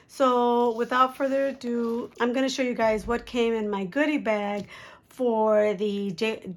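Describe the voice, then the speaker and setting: A woman with a hoarse voice from a cold, chatting casually and upbeat as she unboxes a craft kit for her viewers at home. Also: medium pitch. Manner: chatty, upbeat, with light laughs. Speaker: jewelry-making vlogger.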